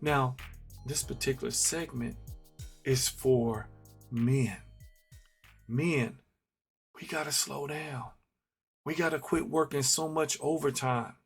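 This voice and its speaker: A man's voice: mid-range voice, steady tone, slow, gravelly, pauses often, husky. A middle-aged man giving an earnest, reflective personal monologue, telling a story with heavy repetition for emphasis. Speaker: vlogger. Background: faint instrumental music.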